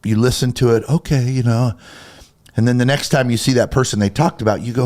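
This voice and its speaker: A man's voice: medium pitch, quick pace, a little mellow. A man co-hosting a Christian talk show, getting heated and emphatic as he acts out little quoted conversations. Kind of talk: casual faith talk, preachy.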